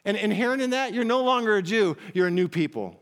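A man's voice: sits high, lively intonation, fast talker. A man preaching a sermon from scripture, earnest and emphatic, often repeating phrases. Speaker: pastor.

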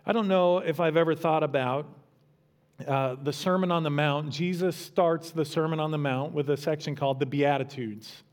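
In a church, a middle-aged pastor preaches a sermon with a fairly high voice. He keeps things casual and conversational, though he occasionally builds to emphatic peaks.

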